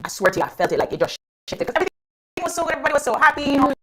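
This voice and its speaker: A young woman guest on a radio talk show, telling her story in a lively, casual way with frequent laughs. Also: high-pitched, rapid-fire. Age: young adult.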